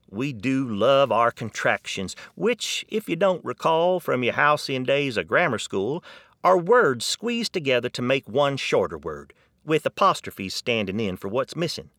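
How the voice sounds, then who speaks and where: A man from Texas with a Texan accent giving a humorous spoken essay, wry and deadpan with folksy asides. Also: mid-range voice, dry recording, clean studio sound.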